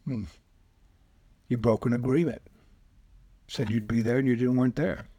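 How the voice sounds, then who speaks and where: A man, a spiritual healer, speaking as a podcast guest and telling lively anecdotes, acting out the quoted voices. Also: medium pitch, moderate pace, breathy edge, no room sound. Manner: animated anecdotes, acts out quoted voices, chuckles often. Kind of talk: casual storytelling interview.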